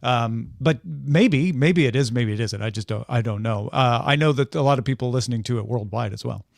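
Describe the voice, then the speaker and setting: A middle-aged man co-hosting a podcast, talking in a relaxed, rambling way with small chuckles. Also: medium pitch, brisk, vocal fry, dry recording, studio quality. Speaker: podcast co-host. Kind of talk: casual chat.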